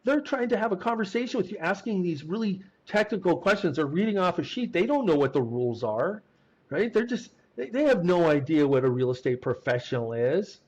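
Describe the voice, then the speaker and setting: Man, slightly high voice, interview guest, animated storytelling, frequent restarts. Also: fairly quick, slightly rough, muffled recording. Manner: animated anecdotes with frequent restarts and acted-out quotes. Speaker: CPA guest.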